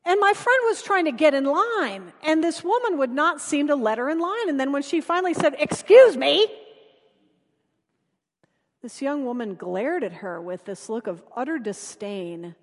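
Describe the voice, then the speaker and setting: A woman preacher giving a sermon, telling stories earnestly and dropping her voice soft for emphasis. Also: sits high, sing-song, moderate pace, few pauses, in a large hall. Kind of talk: sermon with storytelling.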